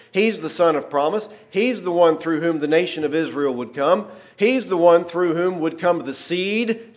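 A middle-aged male pastor with a slightly raised voice delivers a sermon. He drops into soft, low storytelling, then slows down and swells loudly to stress each verse he quotes.

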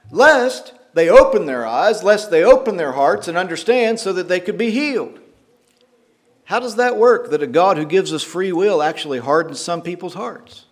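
A man preaching a sermon, teaching through scripture, reading verses slowly and dramatically and asking rhetorical questions. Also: fairly high pitch. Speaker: pastor. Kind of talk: expository sermon.

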